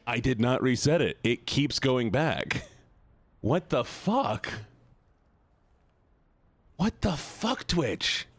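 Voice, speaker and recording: Excitable streamer man, swinging pitch. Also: takes it slowly, no room sound. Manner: excitable, swears often, repeats words in bursts. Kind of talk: live gameplay stream chat.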